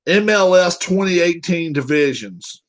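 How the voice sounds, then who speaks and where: A man's voice: sits high, animated, measured pace, poor audio. A man hosting a live stream, chatting casually with his viewers in a rambling way while setting up a game.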